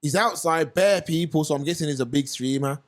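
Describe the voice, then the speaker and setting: Young London male co-host, higher voice, lively slangy storyteller riffing on a podcast. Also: a little fast. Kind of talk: casual commentary chat.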